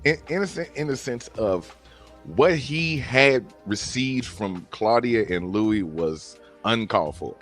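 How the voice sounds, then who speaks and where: A man hosting a casual chat stream, arguing his point in an animated, slangy way. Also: mid-range voice, unhurried, faint music behind. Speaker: stream host.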